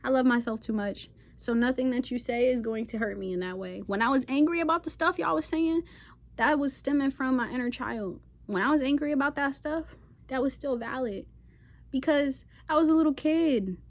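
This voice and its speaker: A woman's voice: sits high, normal speed. Sassy, defiant woman ranting to camera. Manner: sassy, defiant, repetitive emphatic phrasing; casual slangy speech. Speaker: spiritual channel host. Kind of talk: impassioned unscripted rant to camera.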